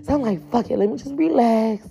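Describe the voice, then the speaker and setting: A woman's voice: fairly high pitch, fairly quick, creaky, dark tone, slight background noise. A woman telling a blunt, profane storytime straight to her viewers in a casual, chatty way.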